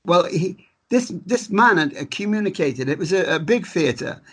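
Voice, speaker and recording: A man working as a medium, talking in a relaxed interview and telling stories in a rambling way. He often restarts his phrases and chuckles as he goes. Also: high voice, moderate pace, husky. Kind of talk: conversational storytelling interview.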